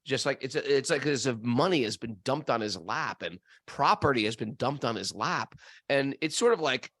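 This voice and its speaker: Guy telling a story on a podcast, voice jumps all over, dry close sound. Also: no echo. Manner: animated storyteller, acts out voices in high falsetto. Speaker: podcast co-host. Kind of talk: casual storytelling chat.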